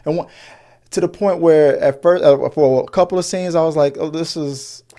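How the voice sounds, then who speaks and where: A man's voice: on the high side, moderate pace, warm tone. A man in his forties co-hosting a casual movie review podcast, rambling with many restarts and fillers. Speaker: podcast co-host.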